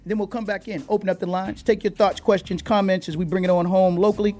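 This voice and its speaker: High-voiced male talk radio host. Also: fairly even intonation, quick pace, a little mellow, soft background music.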